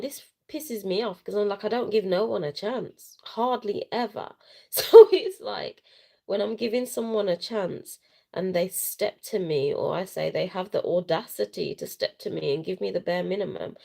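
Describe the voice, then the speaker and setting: On a casual live video, a woman vlogger cries as she talks, her medium-pitched voice mellow with vocal fry and a moderate pace. Tearful and frank, she rambles emotionally, using slang and swearing. She recorded it herself at home without a sound check.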